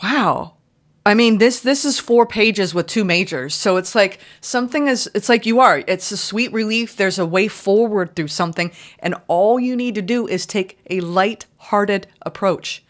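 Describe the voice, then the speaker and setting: A woman giving a casual, chatty tarot reading, exclaiming often and acting out little quoted exchanges. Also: measured pace. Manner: chatty, exclaiming, acts out quotes in high voices. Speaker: tarot reader.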